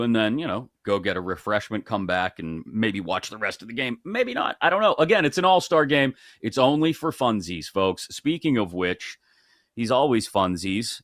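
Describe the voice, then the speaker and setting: A man's voice: fairly low pitch, no room sound, studio quality. A man hosting a sports betting show, chatting casually and joking as he breaks down picks. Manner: chatty, joking, animated asides.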